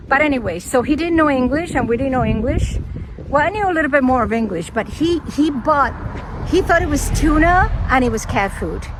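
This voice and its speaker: A woman from Cuba with a Cuban Spanish accent, a native Spanish speaker, chatting in a rambling, excitable way and often cutting herself off as she walks a lakeside path, talking into a handheld phone. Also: high voice, fairly quick. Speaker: vlogger. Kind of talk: casual walking vlog. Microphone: phone held while walking. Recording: outdoor traffic noise.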